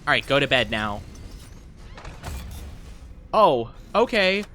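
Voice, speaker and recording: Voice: medium pitch, big pitch swings, slow, sharp tone, faint music behind. A streamer casually commenting on gameplay, giggly and self-mocking, chatting with viewers.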